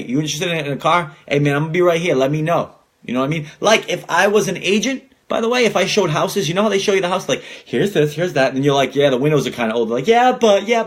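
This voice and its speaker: A young man hosting a podcast, telling stories in a casual, profane rant and acting out the people he quotes. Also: on the high side. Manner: profane, animated storytelling with quoted voices. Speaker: podcast host. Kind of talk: casual ranting monologue.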